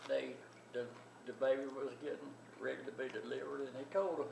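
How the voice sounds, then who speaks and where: A man's voice: mid-range voice, level tone, a little fast, creaky, few pauses. An older man telling a family story in a rambling, folksy way with many restarts. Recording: distant echoey recording with loud background noise.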